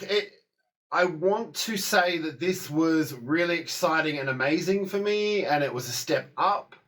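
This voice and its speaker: A man's voice: a little high, a bit bright. A man giving a casual spoken review of a TV episode, rambling, with many fillers and restarts.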